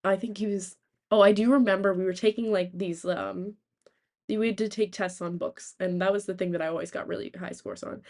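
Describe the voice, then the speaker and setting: A young woman from the United States, a streamer telling rambling, animated stories in casual chat, swearing freely. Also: medium pitch, brisk.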